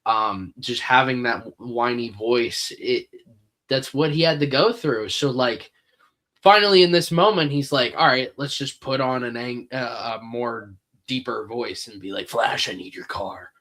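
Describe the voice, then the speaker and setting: A man co-hosting a casual movie discussion, talking in a relaxed way full of fillers. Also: mid-range voice, measured pace. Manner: relaxed, lots of fillers like "like" and "you know". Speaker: podcast co-host.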